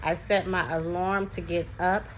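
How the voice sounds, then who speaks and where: A woman's voice: fairly low pitch, level tone, measured pace, slight background noise, low-quality recording. A young woman talking as a parent, telling her story in a chatty, casual way, with many fillers and restarts. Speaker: parent sharing experience.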